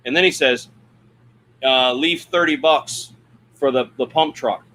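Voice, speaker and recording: A man's voice: mid-range voice, normal speed, sharp tone. A man hosting a casual livestream from his camper, rambling, laughing at himself and reading chat comments aloud. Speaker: livestream host. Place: RV camper interior at a campground.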